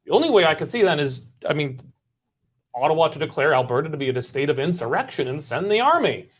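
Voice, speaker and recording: A man's voice: fairly high pitch, very animated, fast. A man hosting a casual political panel, pressing guests with probing questions. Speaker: political talk show host.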